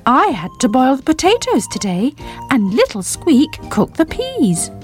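A plain-spoken saucepan from a children's storybook, voiced by a woman. She speaks high and unhurried. Music plays behind her. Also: wildly swooping pitch, exaggerated voice. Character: matter-of-fact saucepan.

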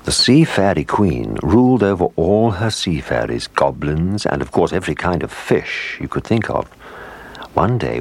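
A man narrating a children's storybook in a gentle, expressive way. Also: a bass voice, slightly rough.

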